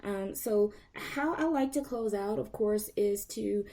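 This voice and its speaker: A woman's voice: medium pitch, slow, warm tone. A woman hosting a podcast interview, upbeat and enthusiastic, laughing often. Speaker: podcast host. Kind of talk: casual interview chat.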